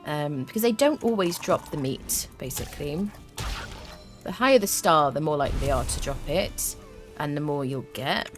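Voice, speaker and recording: Female streamer in her twenties, talkative and hummy, lively delivery, faint music underneath. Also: sits low, normal speed. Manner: chatty, reads chat aloud, hums little tunes. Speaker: game streamer. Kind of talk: live-stream gameplay commentary.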